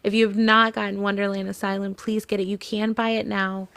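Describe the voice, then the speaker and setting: Gravelly, effusive woman host. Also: medium pitch, flat delivery, brisk, a bit bright. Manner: emotional, effusive, laughs often. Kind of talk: casual video-call chat.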